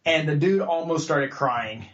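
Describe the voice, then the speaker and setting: Speaking unhurriedly in a slightly high, expressive, somewhat bright voice, a man from the US tells a casual story as a podcast guest. He's a jiu-jitsu black belt and voices other people's lines more loudly. The audio is roomy and a little dull.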